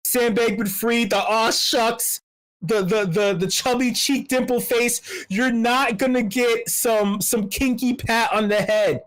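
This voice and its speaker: Ranting meetup speaker: swears constantly, repeats words, pitch swinging up and down. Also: slow pace, low-quality recording. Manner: animated, jumping between high and low pitch. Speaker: speaker at a web3 community meetup. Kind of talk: profane ranting commentary.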